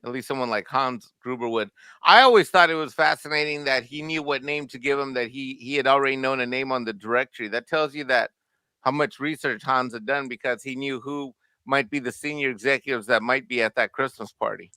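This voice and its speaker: Animated male co-host, bright and smooth, dry close sound. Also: mid-range voice, no room sound. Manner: animated, quick to act out scenes. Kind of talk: casual film discussion.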